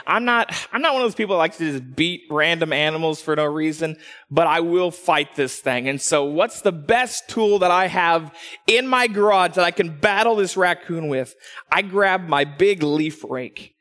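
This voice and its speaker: A man telling a personal story as a preacher, animated, dropping low for asides and rising when excited. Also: normal speed. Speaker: pastor. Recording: long hall reverb.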